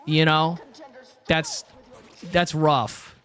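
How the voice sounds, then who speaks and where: High-voiced man rambling to his stream chat. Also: fairly even intonation, very slow, fairly bright tone. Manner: rambling, joking, talks to chat. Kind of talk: casual live-stream chat.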